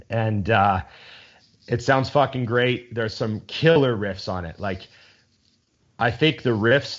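A man with a fairly low voice talks in loose, rambling casual chat. He is enthusiastic and swears freely. The recording sounds dull and lo-fi.

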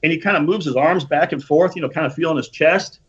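A husky, slightly higher-pitched man spins a casual story, acting out what each person said and swearing freely. The recording sounds dull and lo-fi. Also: fast talker. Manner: animated storytelling with profanity and acted-out quotes. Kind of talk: casual anecdote.

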